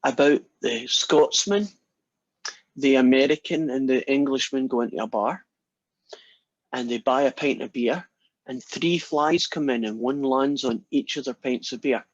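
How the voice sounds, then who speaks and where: A man's voice: mid-range voice, a little slow, no echo, highs cut off. A man giving a casual university lecture, telling jokes and acting out the characters in them. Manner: chatty, storytelling, acts out quoted characters.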